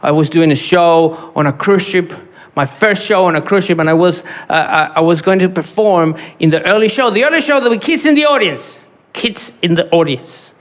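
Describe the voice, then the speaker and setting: High-voiced male stand-up comic. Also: brisk. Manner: animated storytelling with stammered restarts. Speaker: stand-up comedian. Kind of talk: stand-up comedy set. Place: comedy club stage before a live audience. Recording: noisy live stand-up recording.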